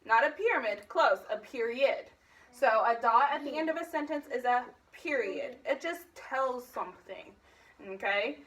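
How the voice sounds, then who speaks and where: Brief: woman teacher, high bright voice, coaxing questions to small kids, heard from across a classroom. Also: expressive, moderate pace, far from the mic. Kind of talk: phonics lesson to young children. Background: children's voices.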